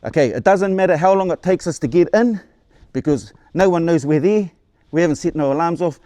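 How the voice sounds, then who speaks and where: A man's voice: on the high side, a little fast, warm tone, no room sound. A man, telling his own story to camera in a casual, rambling way, often restarting and repeating words and swearing freely. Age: 40s. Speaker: vlogger.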